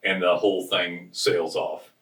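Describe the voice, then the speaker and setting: A man's voice: sits low, flat delivery, measured pace, fairly bright tone, distant mic. A man co-hosting a business podcast, telling stories in a rambling, casual way with frequent restarts. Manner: rambling storyteller, restarts often. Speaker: podcast co-host. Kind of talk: casual chat. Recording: roomy sound from off-mic.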